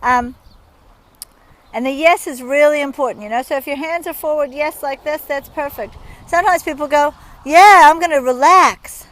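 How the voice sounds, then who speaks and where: A woman's voice: high voice, normal speed. A woman, a riding instructor talking outdoors from horseback, explaining things in a friendly, chatty way with everyday examples. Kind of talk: instructional talk while riding. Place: outdoors at a rural horse yard.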